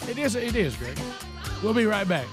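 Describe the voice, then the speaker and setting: A man hosting a talk radio show, easygoing and quick to laugh. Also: high-pitched, big pitch swings, music in the background. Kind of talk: casual radio chat.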